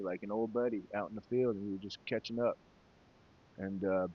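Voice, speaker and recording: A man's voice: medium pitch, lo-fi sound. A man in his late thirties hosting his own podcast, talking casually and from the heart, swearing freely and calling listeners man and brother. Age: 30s. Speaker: podcast host. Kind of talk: casual solo talk.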